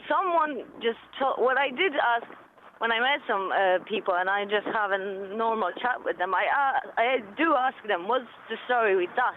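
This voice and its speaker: A woman in her twenties from Poland with a Polish accent, a radio phone-in caller who speaks in a hesitant, halting, giggly way. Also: a little high, lively intonation. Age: 20s. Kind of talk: phone-in chat. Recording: tinny phone line with faint hiss.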